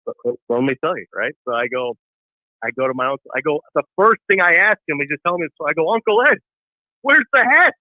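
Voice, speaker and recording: A man calling in to a talk show, telling a long story with animated acted-out voices. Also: a little high, quick pace, dry recording. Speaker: caller. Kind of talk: phone-in storytelling. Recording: tinny phone line.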